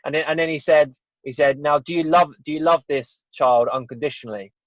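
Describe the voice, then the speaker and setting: A man's voice: on the high side, brisk, dry recording. A man, a podcast guest telling a personal story in an earnest, rambling way, with frequent "you know" and "right?". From England. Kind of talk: personal storytelling in a casual interview. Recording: dull, dry podcast audio.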